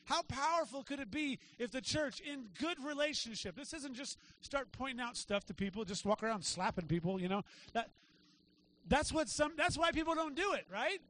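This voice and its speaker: A man preaching a sermon to his church, talking in a casual way and checking in with the congregation with quick asides. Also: very high-pitched, expressive, bright, forceful tone, a little hiss or hum. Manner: conversational preaching with frequent "right?" asides. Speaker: pastor. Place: church sanctuary.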